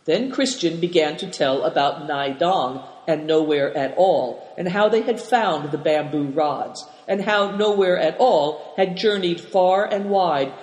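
A man reading a story aloud in measured narration. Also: on the high side, darkish tone. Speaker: audiobook reader. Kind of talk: scripted narration. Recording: roomy with long reverb.

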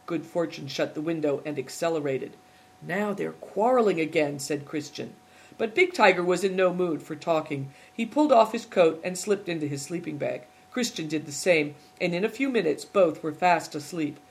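Reading from a children's novel, this audiobook narrator delivers scripted narration in a mid-range voice, calm and evenly measured like a storyteller.

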